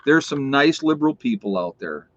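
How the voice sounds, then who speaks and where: A man chatting casually on a livestream. He reels off viewers' places, then talks earnestly and with encouragement. His voice sits at an ordinary pitch, and the audio is dull and dry with no room sound. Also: lively intonation, moderate pace, fairly bright tone, dry recording. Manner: reads off viewers' locations, then urges them on earnestly. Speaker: livestream host.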